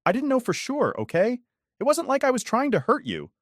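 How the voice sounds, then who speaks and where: A man's voice: very high-pitched, huge pitch swings, brisk, dry recording, studio quality, pitched above the performer's own voice, heavily acted. A man voicing a scheming, manipulative middle-aged ex-wife who speaks with scorn and accusation in a first-person story narration. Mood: defensive.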